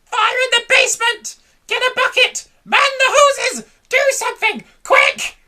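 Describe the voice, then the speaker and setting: A woman voicing a grumpy old grandmother who yells in shrill panic, as in a storybook read aloud. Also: measured pace, heavily acted. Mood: panicked shrieking. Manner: shrill frantic shouting.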